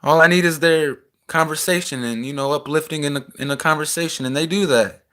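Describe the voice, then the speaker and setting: A young man in a small house, venting a raw personal rant that swings between heated outbursts and quieter reflection. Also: fairly high pitch, brisk. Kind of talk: emotional personal rant to camera.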